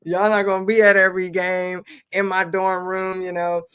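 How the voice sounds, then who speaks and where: Animated, laughing woman from Ohio. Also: on the low side, normal speed, clear, resonant tone. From Ohio, USA. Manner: animated, laughs often, acts out quotes. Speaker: guest, former basketball player. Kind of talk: casual interview storytelling.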